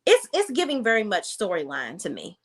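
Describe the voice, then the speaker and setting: This woman recaps a reality TV episode in casual commentary. She is blunt and sassy and talks straight to her viewers. Her voice sits at a middle pitch and moves around a lot. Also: wildly swooping pitch, a little fast. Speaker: reality TV review host.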